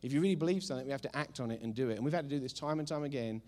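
Fast-talking, lively male preacher. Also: medium pitch. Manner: storytelling, humorous, emphatic. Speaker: pastor. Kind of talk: sermon.

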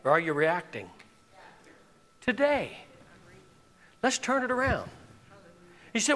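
A man's voice: sits high, wildly swooping pitch, slow pace, pauses often, in a large hall. A man, a pastor, preaching with passion and leading the congregation in call-and-response. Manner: impassioned preaching with call-and-response, rising to shouts. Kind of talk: sermon. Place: church sanctuary.

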